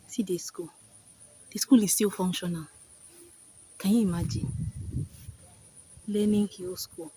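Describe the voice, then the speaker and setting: A Nigerian woman records a vlog on a handheld camera as she walks a hilly neighbourhood outdoors. She is out of breath and chatty, and she keeps exclaiming in disbelief. Outdoor noise comes through clearly behind her voice. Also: mid-range voice, steady tone, a little slow, long pauses. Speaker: vlogger. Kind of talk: walking tour vlog commentary.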